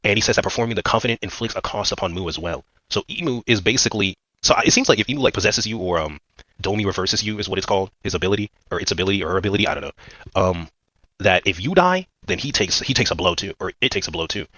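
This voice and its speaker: A man's voice: deep voice, expressive, quick pace, pushed and bright, no room sound, dull audio. A man giving a casual, rambling recap of a manga chapter, full of fillers and slang. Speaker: manga commentator.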